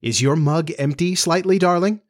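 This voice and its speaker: A man's voice: fairly high pitch, animated, moderate pace, voice pushed up, close to an everyday voice. A man voicing a fussy, motherly young girl playing house in a storybook, prim and scolding.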